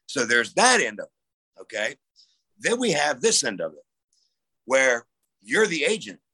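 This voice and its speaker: Bright-voiced man telling a story. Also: medium pitch, measured pace, breathy edge, no room sound, poor audio. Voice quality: animated, swears freely, acts out quotes. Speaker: podcast host and wrestling referee. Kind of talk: casual storytelling chat.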